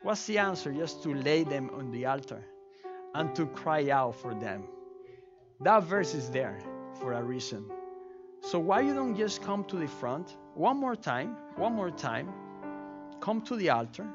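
A man's voice: a little high, big pitch swings, unhurried, highs cut off. A male pastor leading a sermon and altar prayer, pleading fervently and repeating his cries to God. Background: keyboard music.

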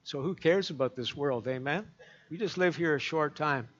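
A man's voice: on the high side, moderate pace. A man preaching a sermon as pastor, folksy and rambling, with many fillers and restarts. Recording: dull lo-fi recording.

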